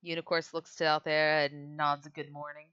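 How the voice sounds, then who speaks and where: A woman running a tabletop game who narrates casually and descriptively, tossing in asides. Her voice sits lowish. The recording sounds a bit dull and lo-fi. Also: level tone, normal speed, pushed and bright, smooth. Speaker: game master. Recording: slightly dull lo-fi mic.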